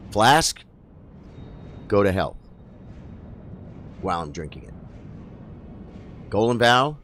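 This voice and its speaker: A man giving excitable, chatty live commentary while streaming a game and talking to his chat. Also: on the low side, unhurried, pauses often, soft background music.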